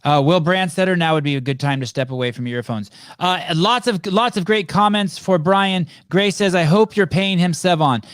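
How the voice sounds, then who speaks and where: Joking guy hosting a live stream, kinda high voice, dry close sound. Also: normal speed, hardly any pauses, clean tone, dry recording. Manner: loose, joking, reads viewer comments aloud. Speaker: podcast host. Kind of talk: casual live-stream chat.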